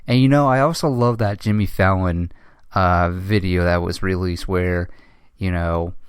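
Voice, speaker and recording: A young man hosting a casual commentary, speaking with emotion, halting often with restarts and swearing. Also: deep voice, fairly even intonation, clear, resonant tone, dry recording, clean studio sound. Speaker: host.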